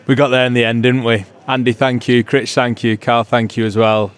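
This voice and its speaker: A man's voice: medium pitch, little pitch movement, a little fast, clear, resonant tone. A man hosting a podcast in casual chat, friendly as he wraps up and thanks his guests. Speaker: podcast host.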